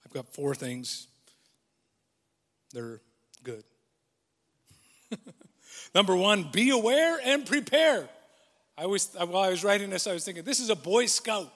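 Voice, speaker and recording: A man preaching a sermon earnestly, moving between quiet reflection and emphatic, building declarations. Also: sits high, a little slow, pauses often, big-room sound. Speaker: pastor.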